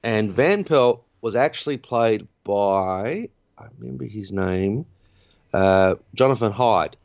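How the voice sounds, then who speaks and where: A man's voice: lowish voice, slow pace, vocal fry, a little mellow, dry recording, dull audio. A man hosting a podcast, recapping a film in a chatty, rambling way. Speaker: podcast host. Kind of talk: casual film recap chat.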